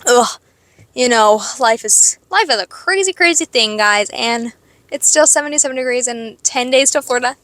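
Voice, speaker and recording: A young woman talks into her phone from her parked car, rambling through a story with a fairly high, lively voice. She fills her talk with "like" and breaks into excited squeals. The sound is close and dry, with no room around it. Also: normal speed, dry recording. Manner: chatty, animated, lots of "like", jumps to squealing excitement. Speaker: vlogger. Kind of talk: casual storytelling chat. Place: parked car in a parking lot.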